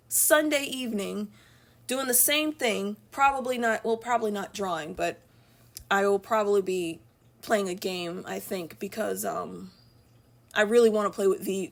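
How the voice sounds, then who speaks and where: Young woman streaming from home, rambly and chatty, gravelly voice that bounces up and down a lot. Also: mid-range voice, animated, normal speed. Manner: chatty, rambling, laughs often. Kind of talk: casual live-stream chat while drawing. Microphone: streaming from an iPad.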